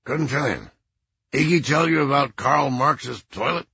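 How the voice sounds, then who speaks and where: A man voicing a sardonic old music producer with a low, congested voice, on a slightly dull recording. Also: animated, a little slow, creaky, bright, forceful tone, husky, dry recording, heavily acted. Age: older. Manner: sardonic, scornful.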